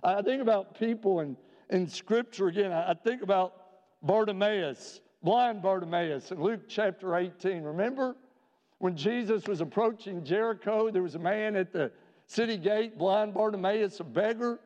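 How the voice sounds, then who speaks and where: A male pastor preaching a sermon in a church, earnest, with rhetorical questions and slowing down for emphasis. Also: sits high, darkish tone. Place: church sanctuary. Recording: dull reverberant church recording.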